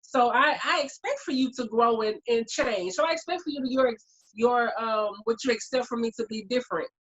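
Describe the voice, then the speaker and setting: A woman's voice: on the high side, a little fast, highs cut off. A woman in her forties, talking candidly and openly in a casual group chat. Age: 40s. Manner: candid, animated storyteller.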